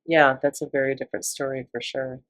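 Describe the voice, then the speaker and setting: A woman hosting a podcast interview, prompting her guest in a relaxed conversational way. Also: a bass voice, a little fast. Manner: conversational, prompting with short questions. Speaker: podcast host.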